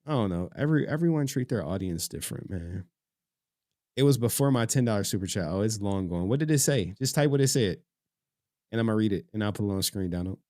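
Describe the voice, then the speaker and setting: A man hosts a livestream in a fairly low, dark voice with lively intonation, speaking fast. He chats loosely with his audience, swears, and gets emotional while reading their messages aloud. The recording is studio quality with no echo.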